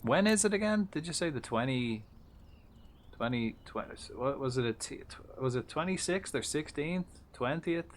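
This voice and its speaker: A man's voice: a little high, lively intonation, normal speed, slight background noise. A man giving casual live-stream commentary, chatty and jokey, with swearing and offhand asides. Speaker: livestreamer.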